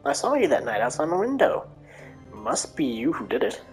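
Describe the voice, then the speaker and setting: A woman's voice: deep voice, sing-song, normal speed, faint music behind. A woman voicing a frightened young girl who speaks in an anxious, pleading manner. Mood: defiant.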